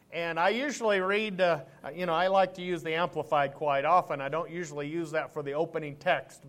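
A middle-aged man preaching a sermon as pastor, talking to the congregation in a conversational way and slowing down to read scripture aloud. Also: high-pitched.

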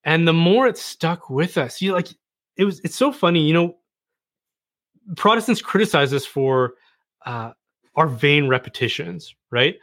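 A man telling a personal story in casual conversation as a podcast guest, animated and self-deprecating. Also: on the high side, normal speed, pauses often, no room sound, studio quality.

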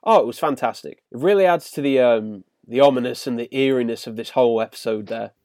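A man's voice: mid-range voice, fast talker, darkish tone, dry recording, studio quality. A man hosting a podcast and recapping a cartoon episode enthusiastically, with many ums and you-knows. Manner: enthusiastic recapping, filler-heavy. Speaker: podcast host. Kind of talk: casual episode review.

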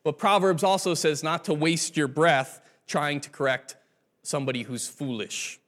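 Male pastor, slightly higher voice, telling stories as he preaches to his congregation. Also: fairly even intonation, moderate pace, a bit bright. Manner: conversational storytelling preaching. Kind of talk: sermon.

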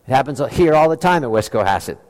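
A man preaching a sermon as pastor, earnest and reflective, with slow emphatic phrasing. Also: medium pitch, lively intonation, darkish tone. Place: church sanctuary. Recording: long hall reverb.

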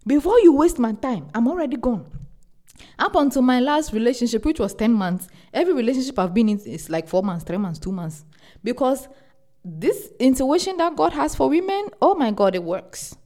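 A young woman hosting a podcast, giving casual relationship advice in an animated, emphatic way and repeating words for stress. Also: on the high side, normal speed. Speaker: podcast host.

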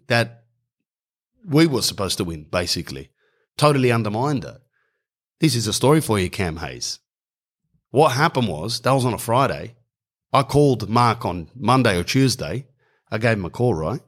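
A man's voice: on the low side, very animated, normal speed, long pauses. Rambling Australian man telling a comic story. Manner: rambling, slangy, keeps saying bro. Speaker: comedian storyteller.

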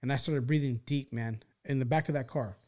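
A man with a medium-pitched voice tells a wild story on a podcast, talking fairly quickly. His casual, profane rambling is full of restarts, and he animatedly acts out the voices he quotes.

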